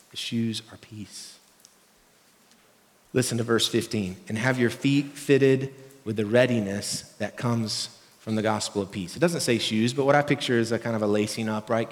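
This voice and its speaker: A middle-aged man preaching as a pastor, talking casually and asking the congregation questions. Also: on the low side. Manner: conversational, asks the congregation questions. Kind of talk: sermon. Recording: long reverb of a large hall.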